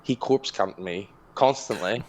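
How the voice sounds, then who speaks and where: A man's voice: fairly low pitch, a little slow. A young man co-hosting a casual podcast chat, telling a story with energy, swearing and laughing often. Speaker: podcast co-host.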